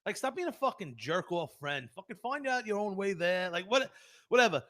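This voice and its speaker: A man's voice: sits high, very animated, normal speed, fairly bright tone. A man, hosting a podcast and telling rambling, profane stories with frequent laughs. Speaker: podcast host. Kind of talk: rambling casual storytelling.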